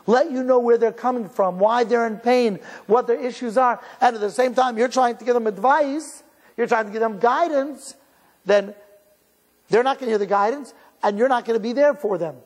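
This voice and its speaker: A rabbi from Cleveland, Ohio, speaks live in a slightly rough, high-pitched voice, with long hall reverb around him. He tells stories conversationally, restarting sentences and chuckling with the audience.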